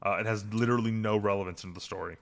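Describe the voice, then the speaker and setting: A man's voice: on the low side, very fast, gravelly. A man co-hosting a podcast, talking casually with lots of fillers and getting heated as he picks apart a TV episode. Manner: rambling, filler-heavy, gets heated and animated. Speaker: podcast co-host. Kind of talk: casual chat recapping a TV episode.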